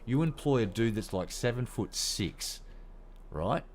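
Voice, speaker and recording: A man's voice: mid-range voice, lively intonation, unhurried, a little hiss or hum. An Australian man in his fifties ranting bluntly to camera on a gaming vlog, swearing heavily. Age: 50s. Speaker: gaming vlogger. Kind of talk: casual rant to camera.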